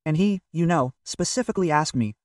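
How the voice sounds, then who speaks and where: A man's voice: on the high side, animated, a little fast, darkish tone, no room sound, studio quality, far from the mic. An older man from Russia, a magazine publisher, talking in a hesitant, rambling way full of fillers in a casual interview.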